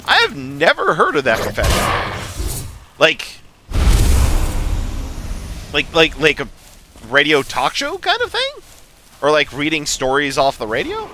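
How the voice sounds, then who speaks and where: Over a noisy background, a man with a slightly high voice streams a game and chats casually with his viewers. He laughs often and keeps restarting his sentences.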